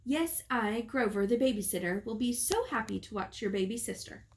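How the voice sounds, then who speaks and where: A woman puts on a small, sweet boy monster for a storybook read-aloud. He talks in a childlike, formal way and keeps announcing himself, his voice pitched up high. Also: lively intonation, normal speed. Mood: fretful.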